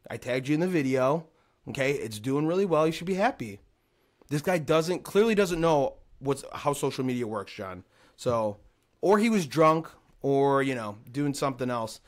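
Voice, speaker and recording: A man's voice: mid-range voice, expressive, normal speed. Male podcast host, heated profane rant, casual chat.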